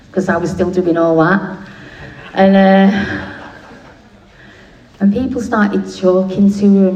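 A woman's voice: mid-range voice, dark tone, highs cut off. A woman giving a candid, funny share at a recovery meeting, swearing bluntly and laughing at herself. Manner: blunt, swearing, self-mocking humour. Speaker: speaker sharing at a recovery meeting. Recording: echoey room, distant mic, faint noise.

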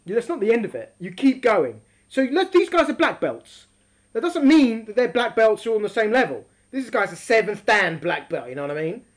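A woman teaches a class in a lively, emphatic way, drawing out key words as she reads and explains. Her voice sits high, and her pitch rises and falls widely. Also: a little fast. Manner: animated, emphatic, stretches words for stress.

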